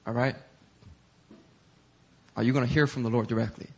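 A male pastor preaching a sermon in a church, telling stories in an animated, conversational way. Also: mid-range voice, moderate pace, vocal fry, husky. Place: church sanctuary.

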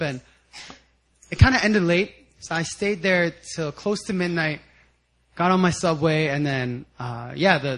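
A man preaching a sermon with personal stories, animated, sometimes shouting out quotes and laughing as he tells them. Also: fairly high pitch, poor audio. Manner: animated storytelling, acts out quotes loudly and laughs. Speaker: guest speaker at a church service.

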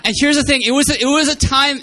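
A man's voice: very high voice, fairly even intonation, fast. A man preaching a sermon, telling a personal story in an earnest, chatty way and often repeating his phrases.

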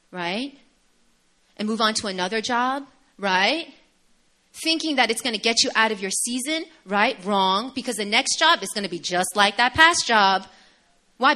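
A young woman preaching a sermon in a conversational, animated storytelling manner. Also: a little high.

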